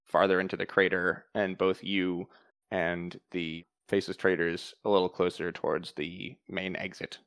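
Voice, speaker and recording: A man running a tabletop game as game master, explaining rules and narrating in a calm, matter-of-fact way. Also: sits low, normal speed, smooth, no echo.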